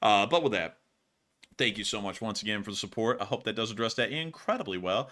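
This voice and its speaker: A man's voice: fairly low pitch, expressive, brisk, pushed and bright. A young man from Alabama with a Southern accent, rambling easily in casual chat as he answers viewer donations on a news show. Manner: easygoing, rambling with restarts. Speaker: co-host of a war news show.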